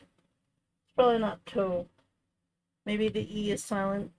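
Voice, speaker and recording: A woman's voice: medium pitch, fairly even intonation, takes it slowly, pauses often, a little mellow, poor audio. A young woman hosting a crafting livestream, chatting casually and rambling with lots of "like" and "you know". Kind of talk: casual chat while crafting.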